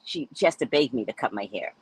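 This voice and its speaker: A woman hosting a show, telling a story in a casual, animated way and acting out the people in it. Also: a bass voice, fast, background noise. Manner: animated, acts out quoted voices, laughs often. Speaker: podcast host.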